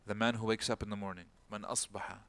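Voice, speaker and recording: A man's voice: fairly low pitch, fairly even intonation, fast talker, a bit bright. A man giving an informal religious talk as an imam, telling a story and acting out the people in it with a raised voice, and dropping Arabic words and phrases into his speech. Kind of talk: talk-style religious lecture.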